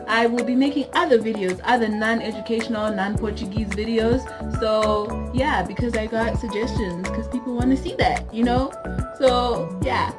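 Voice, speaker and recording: A woman from Zimbabwe teaches a casual video lesson in a chatty way, working through examples one by one. Her voice sits a little high, and faint music plays underneath. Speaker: language teacher YouTuber.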